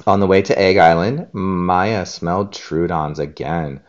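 Deep-voiced man reading a storybook. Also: a little slow, muffled recording. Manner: gentle, expressive, talks with child. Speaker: parent reading aloud.

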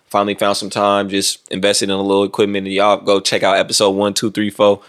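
A man's voice: on the low side, monotone, fast talker, a bit bright. A young man hosting a podcast in a studio, chatting loosely in slang with plenty of swearing. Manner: loose slangy banter with profanity. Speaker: podcast host. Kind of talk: casual podcast chat.

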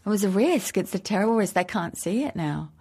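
A woman's voice: medium pitch, lively intonation, a little fast, warm tone, slightly rough. Brief: middle-aged female actress guest, chatty, self-mocking, mid-range voice. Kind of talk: interview chat.

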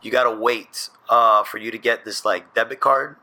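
A man's voice: mid-range voice, fairly even intonation, normal speed, pushed and bright. A man co-hosting a podcast, talking in a laid-back, rambling way and swearing now and then. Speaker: podcast co-host. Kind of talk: casual chat.

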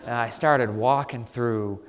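A man, an author being interviewed, telling animated anecdotes with lots of "you know" fillers. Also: medium pitch, slow, long reverb tail, slight background noise. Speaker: author guest. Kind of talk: conversational storytelling.

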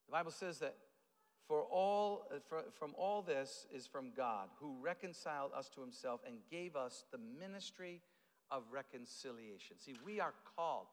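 Animated high-voiced male preacher. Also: moderate pace, long reverb tail. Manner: animated storytelling with fillers and repeated starts. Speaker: pastor. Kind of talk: sermon.

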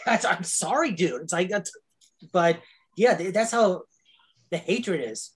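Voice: mid-range voice, expressive, slow, a little hiss or hum, rough recording. A wrestler chatting casually on a podcast, rambling with lots of fillers and swearing freely.

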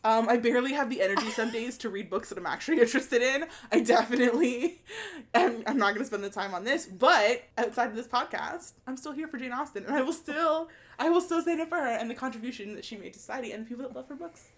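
A woman's voice: on the high side, fast. A woman co-hosting a podcast, chatting casually in a wry, self-mocking way. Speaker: podcast co-host. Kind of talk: casual chat.

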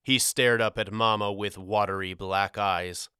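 A man narrating a storybook audiobook in a measured, expressive reading. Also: fairly low pitch, smooth, no echo, clean studio sound.

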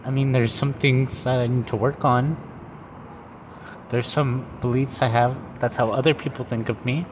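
A man hosting his own podcast, talking through personal reflections in an earnest, halting way with fillers and restarts. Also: medium pitch, fairly even intonation, background noise. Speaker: podcast host.

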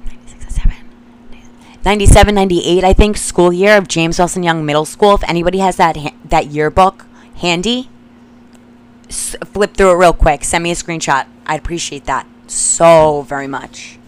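A woman's voice: on the low side, fairly even intonation, moderate pace, clean tone. A woman in her thirties from Long Island, a podcast host reading old notes aloud and adding profane, giggly asides. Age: 30s.

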